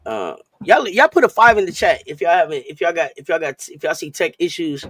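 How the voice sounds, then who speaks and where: Mujer charlando suelta en directo, voz seca. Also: female voice, on the low side, expressive, brisk, a bit bright, slightly rough, no echo. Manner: loose and chatty, repeats and restarts phrases, greets viewers in chat. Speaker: sports talk live-stream host. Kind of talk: casual live-stream chat.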